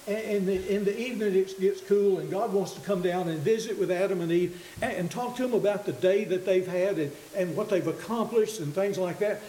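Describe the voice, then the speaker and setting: A man preaching a sermon with a high, mellow voice. He talks earnestly and haltingly, restarting phrases as he goes. The room is echoey, with a faint hiss under the recording.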